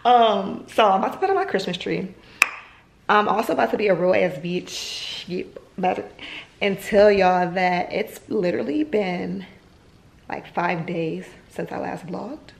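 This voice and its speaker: A woman's voice: mid-range voice, unhurried, gravelly, slight background noise. Sleepy, blunt woman vlogging at home. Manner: blunt, swears freely, rambling asides. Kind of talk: casual vlog chat. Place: at home in her apartment.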